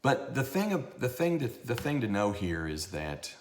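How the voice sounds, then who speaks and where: A man's voice: mid-range voice, moderate pace, roomy sound. A man who works as a tax accountant and educator, ranting in blunt, sarcastic video commentary. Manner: animated and blunt, with a sarcastic edge.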